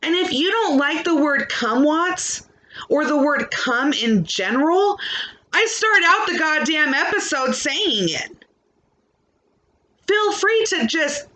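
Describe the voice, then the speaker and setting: A woman's voice: high voice, very animated, slow, sharp tone. A young adult woman podcast host ranting into her microphone, blunt, defiant and full of swearing. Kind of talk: ranting monologue.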